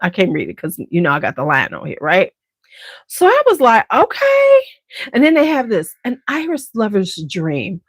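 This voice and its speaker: Sassy chicago woman chatting to her viewers, slow and lively, voice jumping way up high. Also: no echo. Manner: animated, sassy, swings into high exaggerated quotes. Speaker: beauty channel host. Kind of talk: casual chat to camera.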